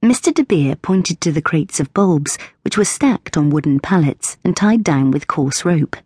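A woman narrating an audiobook in a measured, even storytelling manner. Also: low-pitched, breathy edge, no room sound.

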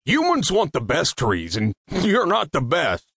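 A man's voice: on the high side, wildly swooping pitch, a little slow, a bit bright, slightly rough, dry recording, studio quality, exaggerated voice. A man voicing a big, proud male fir tree who talks in a haughty, dismissive way.

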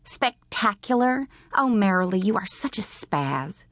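A woman voicing a bossy, gossiping young girl who talks in a taunting, rapid way. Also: on the low side, vocal fry, husky, dry recording, clean studio sound. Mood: mocking.

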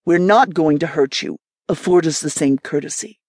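A woman's voice: low voice, moderate pace, slightly rough, no room sound. Audiobook lead man: a woman reading a level, controlled operative with a dry edge. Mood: firm. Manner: level, controlled, quietly threatening. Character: calm, firm man leading a covert team.

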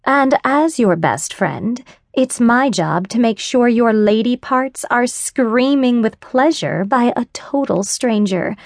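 Casting: female narrator doing a bold, teasing best friend, unhurried, dry studio sound. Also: on the high side, expressive, dry recording. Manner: teasing, forward. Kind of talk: audiobook character voice.

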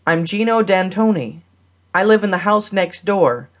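Woman reading as a gentle, apologetic tall man. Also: mid-range voice, expressive, a little slow.

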